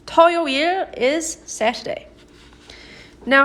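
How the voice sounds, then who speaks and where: A Korean teacher leads a lesson on a live stream, her slightly high, light voice animated and fairly bright, with a little hiss or hum in the audio. She stays patient and encouraging, cheering viewers by name and slowing way down to model example sentences.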